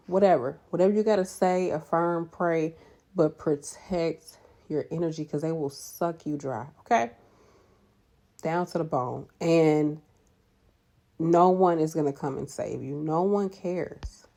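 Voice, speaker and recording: A woman nurse giving animated, preachy, encouraging advice in a casual vlog. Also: sits low, measured pace, vocal fry.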